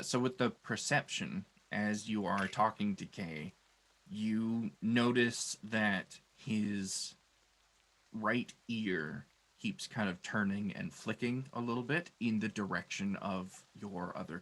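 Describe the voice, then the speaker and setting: A man with a low, gravelly, slightly husky voice narrates as game master. He talks slowly and describes the scene in a measured way, pausing on "uh" between thoughts. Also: fairly bright tone, low-quality recording. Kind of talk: tabletop game narration and rulings.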